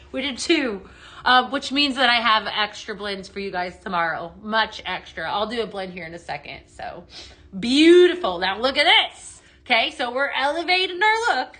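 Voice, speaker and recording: A woman with a bright, forceful tone and a slightly higher voice runs a live product demo. She chats in a bubbly, eager way and keeps speaking straight to her viewers. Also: sing-song, moderate pace. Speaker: home-decor sales livestream host.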